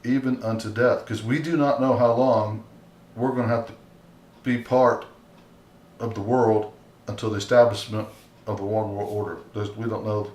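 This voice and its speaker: A man preaching informally and earnestly, often checking in with his listeners by asking "okay?". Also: lowish voice. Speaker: lay preacher. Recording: echoey room with faint hiss.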